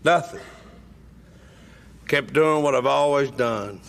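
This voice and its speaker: A man telling a wry, deadpan story from his own life at a recovery meeting. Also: mid-range voice, slow pace, gravelly. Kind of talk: humorous personal storytelling.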